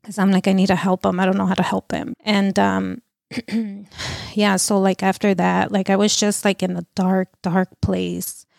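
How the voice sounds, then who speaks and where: A middle-aged woman telling her own painful story as an interview guest, halting and full of restarts and fillers. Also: medium pitch, flat delivery, gravelly, darkish tone, no echo, clean studio sound. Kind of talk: emotional personal testimony.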